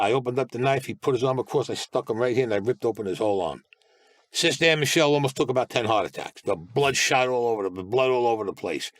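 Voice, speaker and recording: An older man tells his stories in a blunt, streetwise way and swears freely. His voice sits at an ordinary pitch, and the recording is dry and close with no room sound. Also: expressive, fast, no room sound. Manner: blunt, streetwise storytelling with profanity. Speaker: interview guest. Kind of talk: casual storytelling.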